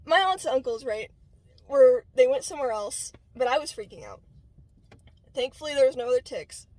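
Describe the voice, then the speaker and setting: Chatty young woman with a high voice. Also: animated, moderate pace, darkish tone, rough recording. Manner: chatty, lots of fillers and "right?" check-ins. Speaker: vlogger. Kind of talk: casual storytelling to camera.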